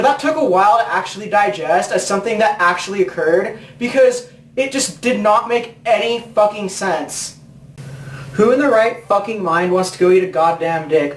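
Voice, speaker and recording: A man hosting a gaming video, ranting with heavy swearing and sarcastic put-on voices. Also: high voice. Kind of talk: profane rant. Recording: echoey room from far off, faint noise.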